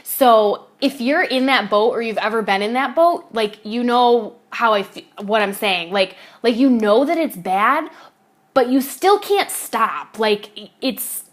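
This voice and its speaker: A woman's voice: fairly high pitch, lively intonation, a little slow. Rambling, candid woman vlogger. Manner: rambling, many fillers and restarts; candid, swears casually. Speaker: fitness coach and vlogger. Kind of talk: casual confessional vlog.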